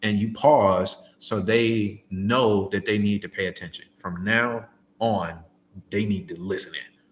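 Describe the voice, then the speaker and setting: A man's voice: lowish voice, fairly even intonation, measured pace. A man in casual livestream chat, laid-back and slangy, answering viewers' questions as a delivery driver. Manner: laid-back, slangy, acts out phone calls.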